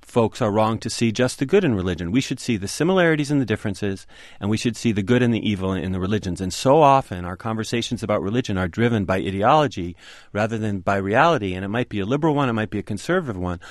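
A man's voice: fairly low pitch, lively intonation, quick pace, dry recording, clean studio sound. A man being interviewed about his book, making his case earnestly with emphatic repetition. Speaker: author and guest. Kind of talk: radio interview discussion.

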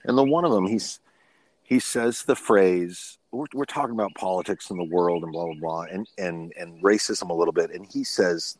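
A man's voice: low-pitched, moderate pace. A man in his fifties, a podcast guest, telling personal stories in a frank, rambling way and often restarting his sentences. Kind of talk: personal storytelling in casual conversation.

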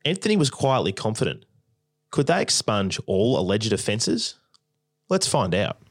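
A man's voice: fairly low pitch, sing-song, normal speed. A man giving scripted documentary narration, posing dramatic questions. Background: music.

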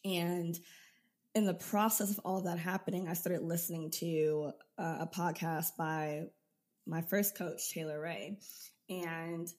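Low-pitched young woman telling her story. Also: unhurried. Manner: lively, laughs often while telling her story. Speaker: podcast guest, business coach. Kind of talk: casual storytelling interview.

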